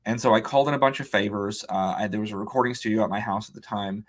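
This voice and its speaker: A man's voice: fairly low pitch, quick pace. A man guest on an interview podcast, casually telling a long anecdote, acting out what others said and using lots of "like" and "um". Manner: animated anecdote-telling, quoting others' words, frequent "like" and "um". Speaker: author and illustrator guest.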